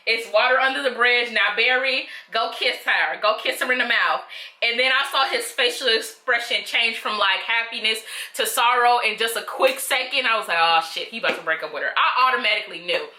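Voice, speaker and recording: A woman's voice: on the high side, moderate pace, pushed and bright, reverberant. A woman giving casual, opinionated reaction commentary to viewers, chatty and slangy, calling her audience "girl". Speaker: reaction vlogger.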